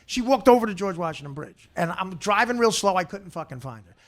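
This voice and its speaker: A man telling profane, animated stories on a podcast, acting out the people he quotes. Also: high voice, a little fast. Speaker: guest comedian. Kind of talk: storytelling on a podcast.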